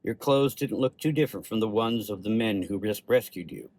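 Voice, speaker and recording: A man voicing an older Russian doctor with a Russian accent, speaking slowly and gently. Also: fairly low pitch, natural voice. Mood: grave. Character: older male Russian doctor, kind, sad.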